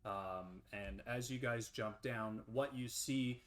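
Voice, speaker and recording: A man narrating and describing scenes as game master of a tabletop role-playing game, relaxed, with frequent ums and uhs. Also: medium pitch, takes it slowly.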